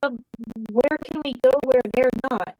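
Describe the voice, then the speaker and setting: Woman, tabletop player, higher voice, dry close sound, quick questions. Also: a little mellow, no echo, rough recording. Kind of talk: casual tabletop game play.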